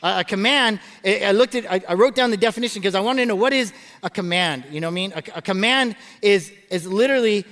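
A middle-aged male pastor with a high voice preaches a sermon, mixing humorous stories with his message and often restarting mid-phrase. His delivery is lively and conversational. The sound carries the long reverb of a large church auditorium. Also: fast talker, hardly any pauses. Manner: animated storytelling with frequent stammered restarts and jokes.

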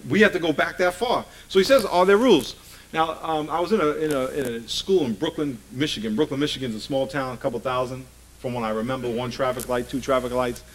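A man's voice: mid-range voice, fast talker, slight background noise, poor audio. A man preaching a sermon emphatically, often asking the congregation rhetorical questions.

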